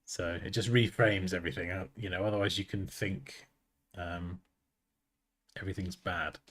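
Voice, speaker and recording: A man's voice: deep voice, steady tone, normal speed, fairly bright tone. A man chatting casually while streaming from his desk at home, joking and laughing at himself as he talks. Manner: joking and self-mocking, laughs often. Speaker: streamer and design tutor. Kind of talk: casual live-stream chat.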